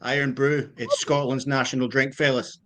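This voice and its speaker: Laid back guy guest, mid pitch, chill. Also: moderate pace. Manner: relaxed, says "mate". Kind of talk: casual chat.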